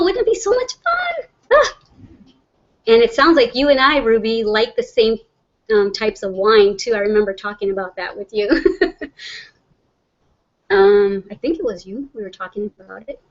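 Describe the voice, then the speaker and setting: A woman's voice: medium pitch, normal speed, highs cut off. A middle-aged woman, hosting a casual livestream, reading viewer comments aloud and chatting in a rambling way with frequent laughs. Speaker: livestream host.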